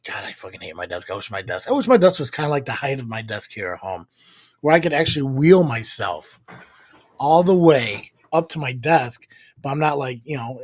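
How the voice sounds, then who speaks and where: A man's voice: medium pitch, slightly rough, dry recording, clean studio sound. A man co-hosting a casual live podcast, rambling and swearing, with lots of fillers. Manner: rambling, profane, many fillers. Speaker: podcast co-host.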